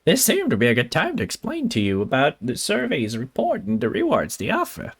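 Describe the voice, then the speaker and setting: A man's voice: fairly high pitch, huge pitch swings, fairly quick, fairly bright tone, husky, heavily acted. A man voicing a pompous male professor in a theatrical put-on accent, reading game text in a stilted, formal way. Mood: lecturing. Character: pompous male professor, with a mad-scientist cartoon-villain tinge. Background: faint game music.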